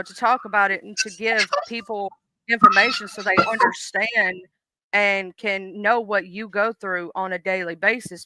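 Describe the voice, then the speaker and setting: A woman co-hosting a livestream, speaking gently and reassuringly. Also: mid-range voice, no echo. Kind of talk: casual livestream chat.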